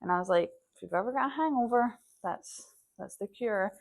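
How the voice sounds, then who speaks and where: A woman's voice: medium pitch, a little fast, creaky. A young woman with a Scottish accent, chatting casually in a home vlog and telling stories with lots of quoted dialogue and "like". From Scotland. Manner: animated storytelling, acts out quoted dialogue, frequent "like". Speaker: vlogger.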